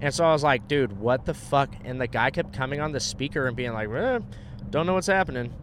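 Animated young man telling stories, bro-speak. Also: medium pitch, fast. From Southern California. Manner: animated, swearing, says "bro" and "dude", laughs often. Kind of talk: casual storytelling to a friend. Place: inside a moving car. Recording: car ride with faint road noise.

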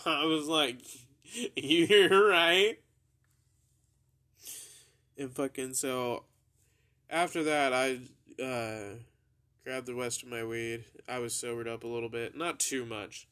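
A young man spins a loose, swearing-heavy anecdote for his podcast. His pitch sits in an ordinary middle range, and he wanders through side remarks and chuckles as he goes. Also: fairly even intonation, a little slow, a bit bright, clear, resonant tone. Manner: rambling, profane, laughs through his own story. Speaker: podcast host. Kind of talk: casual storytelling.

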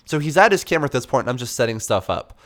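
A young man casually telling a story, animated, swearing and acting out the people in it. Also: rapid-fire. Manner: animated, swearing, acts out dialogue in a higher voice.

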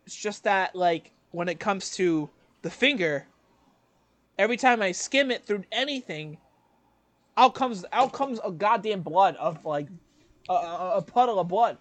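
A man's voice: high voice, lively intonation, unhurried, fairly bright tone. A young man co-hosting a podcast, telling a rambling story with casual swearing. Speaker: podcast co-host. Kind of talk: casual chat.

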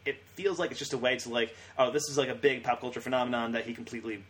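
A young man co-hosts a casual podcast, racing through his retelling of scenes. His pitch sits in an ordinary middle range, and he laughs often as he talks. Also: fairly even intonation. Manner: fast, rambling retelling with frequent laughs. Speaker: podcast co-host. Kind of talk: casual chat.

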